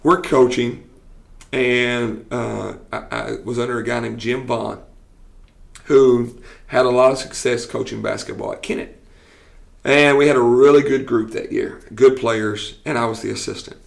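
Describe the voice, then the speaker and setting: A man, a coach telling lively stories on a podcast and acting out what people said. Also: mid-range voice, unhurried, creaky. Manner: animated storyteller who acts out quotes with laughs. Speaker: football coach and teacher.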